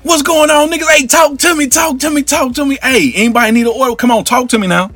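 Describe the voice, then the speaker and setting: A man voicing a fast-talking hustler who takes everyone's orders and keeps repeating himself. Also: high-pitched, lively intonation, bright, forceful tone, no room sound, soft background music, pitched above the performer's own voice, heavily acted. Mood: eager hustling. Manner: pushy, repeats himself, quick patter.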